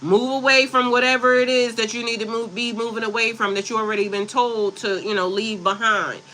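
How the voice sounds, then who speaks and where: A woman's voice: a little high, steady tone, a little fast, bright, forceful tone, slight background noise, poor audio. A woman spiritual coach talking casually on a livestream, reading affirmations and breaking into blunt, profane asides.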